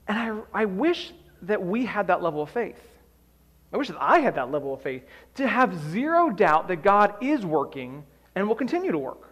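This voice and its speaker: A man preaching with a high, light voice that rises and falls as he acts out scenes with playful energy. His words carry a long reverb tail, as though spoken in a large hall. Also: big pitch swings, moderate pace, a bit bright. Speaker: pastor. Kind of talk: sermon.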